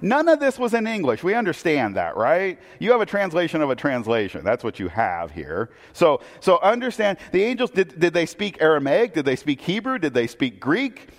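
Male pastor, fairly high voice, chatty sermon full of rhetorical questions, long hall reverb. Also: big pitch swings, moderate pace, few pauses. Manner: conversational, asks the audience rhetorical questions, frequent restarts.

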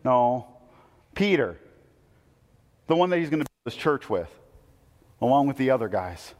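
A man preaching a sermon, telling the story with animated, acted-out quotes. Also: medium pitch, unhurried, in a large hall. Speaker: pastor.

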